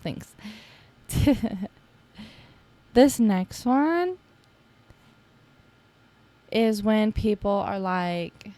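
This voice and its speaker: A woman's voice: medium pitch, lively intonation, extremely slow, pauses often, mellow, dry recording. A young adult woman hosting a casual solo podcast, talking in a chatty, playful way with teasing asides and lots of fillers. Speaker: podcast host.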